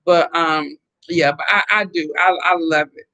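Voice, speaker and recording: A middle-aged Southern American woman with a low voice hosts a casual live stream at normal speed, reading and reacting to viewer comments. She's chatty and animated, laughing often.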